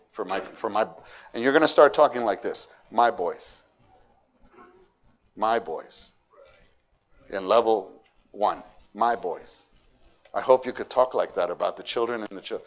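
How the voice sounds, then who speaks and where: A man giving a sermon, animated, swinging between quiet asides and loud, emphatic lines, and acting out quoted people. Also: lowish voice. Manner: acts out quoted people in raised voices. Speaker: church speaker.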